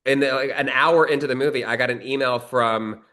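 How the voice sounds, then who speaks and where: A middle-aged man tells a story in a casual interview. His voice is bright and forceful, and he acts out each quoted line with real energy. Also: mid-range voice, fairly quick. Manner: animated storyteller, acts out quoted dialogue in a raised voice. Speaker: screenwriter and actor, guest.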